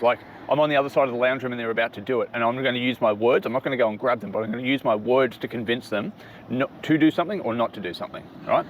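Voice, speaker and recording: Plain and explanatory, this is a middle-aged man of ordinary pitch talking a younger listener through an idea at an easy pace. He keeps checking in with a quick "right?". A faint hum of a vehicle sits behind him. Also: highs cut off. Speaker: father giving business advice. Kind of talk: casual advice talk.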